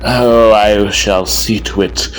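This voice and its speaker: A man's voice: fairly low pitch, steady tone, takes it slowly. A man voicing a pompous, menacing male emperor who threatens his host. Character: pompous tyrant emperor, middle-aged man.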